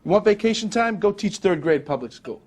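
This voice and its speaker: A man's voice: expressive, normal speed, close to an everyday voice. An actor in his twenties playing a brash, profane young stockbroker boss in a film monologue. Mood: boastful. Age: 20s. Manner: brash, profane recruiting pitch. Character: cocky young rich male broker, swaggering.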